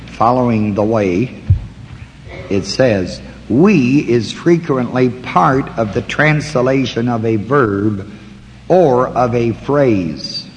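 A man teaching a Bible study, slowly walking listeners through word references in a deliberate way. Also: mid-range voice, big-room sound, a little hiss or hum, poor audio. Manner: slow, deliberate, pausing to point out references.

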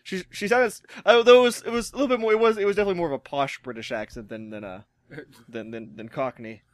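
An American man co-hosting a podcast in casual chat, jokey and quick to laugh. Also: fairly high pitch, steady tone, no echo. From United States. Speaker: podcast co-host.

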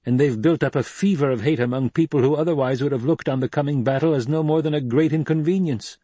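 A man reading an audiobook, voicing a young male desert war leader in a firm, measured, authoritative way. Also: fairly high pitch, mellow, husky, no room sound, pitched above the performer's own voice. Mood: reasoning.

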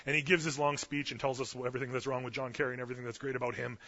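A young man preaching a casual storytelling sermon, chatty and animated, loudly acting out the quotes. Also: mid-range voice, very fast. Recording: muffled lo-fi sermon recording.

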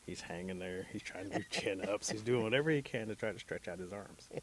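A man telling a traditional story as a guest, in a relaxed, animated way. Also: fairly low pitch, a little fast, slight background noise.

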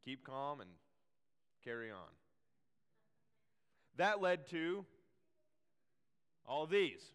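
A man's voice: fairly high pitch, very animated, very slow, fairly bright tone, clear, resonant tone. Casual preacher man in a reverberant hall. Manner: casual, chatty with many fillers and restarts. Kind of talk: sermon.

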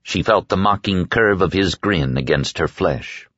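A man reading an audiobook in a measured, steady narration. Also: sits low, no room sound. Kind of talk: scripted narration. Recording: dull, dry lo-fi audio.

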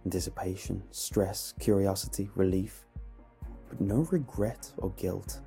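Deep gravelly male horror narrator. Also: fairly even intonation, measured pace, dark tone. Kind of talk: scripted horror story narration. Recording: faint music bed behind.

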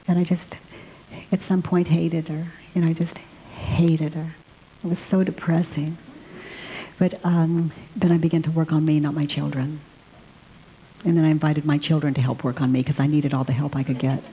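A woman answers questions from a live audience. Her voice is husky and her manner is gentle and affectionate. The recording sounds dull and lo-fi. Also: lowish voice, fairly even intonation, moderate pace. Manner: gentle, affectionate, calls people honey. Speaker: self-inquiry teacher.

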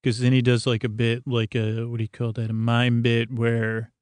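A man's voice: mid-range voice, completely flat delivery, moderate pace, a little mellow, smooth, no room sound. A man narrating a tabletop game as game master, rambling with many fillers and restarts.

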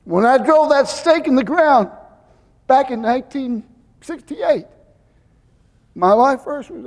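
An older man preaches with a high-pitched voice that rings through a long-reverb church hall. He quizzes the congregation and fills in the answers himself. His delivery swings from forceful emphasis to quiet, intimate asides. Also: animated, slow pace, pauses often. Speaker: pastor. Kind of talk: sermon.

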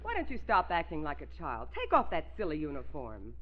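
A wry, exasperated sitcom wife. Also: female voice, sits low, wildly swooping pitch, fairly quick, exaggerated voice. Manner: teasing, dry wisecracks. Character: exasperated sitcom wife, mock Southern belle. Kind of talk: 1950s radio sitcom acting. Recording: dull vintage radio broadcast.

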